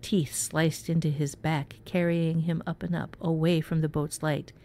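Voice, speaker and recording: A woman narrating a dark fantasy story in a measured, even way. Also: sits low. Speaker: story reader. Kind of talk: scripted narration.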